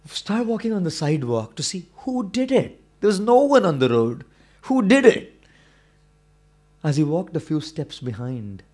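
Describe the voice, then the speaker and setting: A spiritual speaker telling a moral story to a live audience, animated and dramatic, with spoken sound effects. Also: male voice, fairly high pitch, breathy edge. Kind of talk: storytelling talk. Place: live talk before an audience in England.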